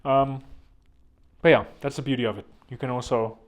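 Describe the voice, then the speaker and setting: A man's voice: mid-range voice, fairly even intonation, moderate pace. A man hosting a comedic self-help monologue, rambling and joking crudely at his own expense. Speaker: host.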